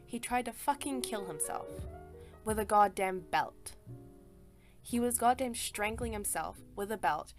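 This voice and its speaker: A woman's voice: medium pitch, measured pace, soft background music. A woman telling a personal story in a casual voice-over, emphatic and exasperated, swearing freely and filling her talk with "like" and "sis". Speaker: storytime artist.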